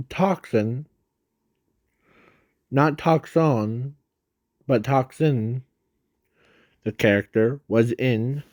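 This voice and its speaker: A man's voice: medium pitch, darkish tone, no echo, clean studio sound. A man explaining his fan idea in a casual, rambling way, full of fillers and restarts, breathing hard. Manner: halting, many fillers and restarts. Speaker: fan video creator.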